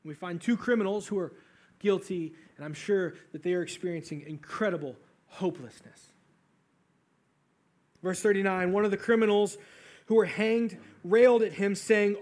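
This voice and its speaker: A man's voice: high voice, moderate pace. A man preaching a sermon, reading scripture and retelling it earnestly, building to fervent emphasis. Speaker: pastor.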